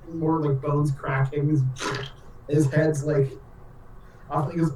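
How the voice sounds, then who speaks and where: A man's voice: a little high, little pitch movement, slow, pauses often, dark tone, a little hiss or hum. A man narrating a tabletop game as game master, in a loose, rambling way full of filler words. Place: room on a live stream. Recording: roomy echo, mic at a distance.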